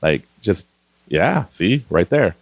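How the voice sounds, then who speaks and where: A man's voice: deep voice, very animated, slow pace, creaky, husky, no room sound. A middle-aged man from Canada hosting a podcast, rambling casually and laughing often as he talks. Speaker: podcast host. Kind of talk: casual monologue.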